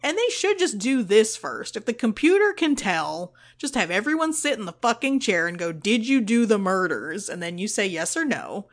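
A woman co-hosting a casual podcast recap, sarcastic, acting out characters' lines in quick asides. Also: on the high side, very animated. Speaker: podcast co-host.

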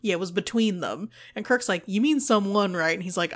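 A woman co-hosting a relaxed recap podcast, her voice sitting in an ordinary middle range. She retells scenes with sarcastic asides and breaks into quick impressions of the characters. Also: mid-range voice. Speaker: podcast co-host. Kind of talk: casual recap chat.

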